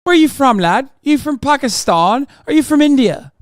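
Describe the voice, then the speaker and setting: A man putting on a loud, sneering racist voice. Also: extremely high pitch, lively intonation, normal speed, dry recording, clean studio sound, voice pushed up. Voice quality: shouty, sneering.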